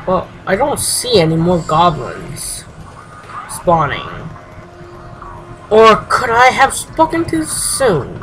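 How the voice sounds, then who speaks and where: A young man giving casual let's-play commentary, excitable and swearing often, jumping into high exclamations. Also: slow, pauses often, rough recording. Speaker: gameplay commentator.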